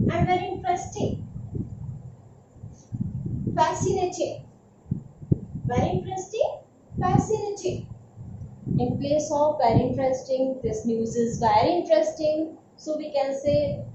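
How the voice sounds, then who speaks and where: A woman teacher giving a vocabulary lesson, repeating each word and often checking in with her students. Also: high-pitched. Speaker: English teacher. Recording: roomy, distant, dull, noisy recording.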